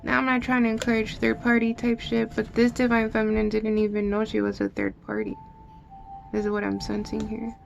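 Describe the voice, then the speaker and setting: A woman's voice: fairly high pitch, fairly quick, vocal fry, faint music behind. A woman giving a casual tarot reading in a loose, emotional way, swearing often and saying "like" a lot. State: teary at times. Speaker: tarot reader.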